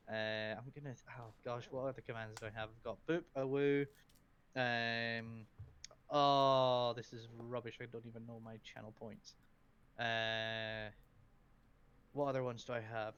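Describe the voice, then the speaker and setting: A man's voice: mid-range voice, a bit bright, smooth. A Scottish man chatting as a podcast guest, rambling with lots of fillers. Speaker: streamer guest. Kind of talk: casual podcast chat. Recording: dull lo-fi sound.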